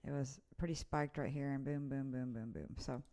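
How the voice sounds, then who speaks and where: A woman's voice: extremely low pitch, steady tone, normal speed, mellow. A woman giving a casual live severe weather update, chatty and informal as she walks through radar warnings. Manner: chatty and informal, reading place names off radar. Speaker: weather presenter.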